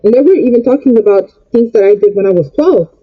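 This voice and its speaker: On a phone-quality recording, a young adult woman vlogger vents while putting on makeup, her get-ready-with-me rant upset and rambling. She speaks quickly in a fairly high voice.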